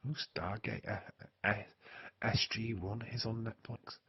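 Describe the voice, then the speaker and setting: Slow, husky Yorkshire man. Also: on the low side, steady tone, no echo, dull audio. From Yorkshire, England. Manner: joking, swearing, chatting to viewers. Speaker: wrestling stream host. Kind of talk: casual livestream chat.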